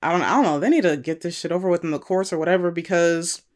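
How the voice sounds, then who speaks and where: A woman's voice: lowish voice, fast talker. A young woman, chatting casually, laughing and acting out quotes. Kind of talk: casual podcast chat.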